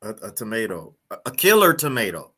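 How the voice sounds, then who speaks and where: A man's voice: lowish voice, very animated, a little fast, fairly bright tone, slightly rough. A man co-hosting a casual talk show, full of exclamations and laughing reactions.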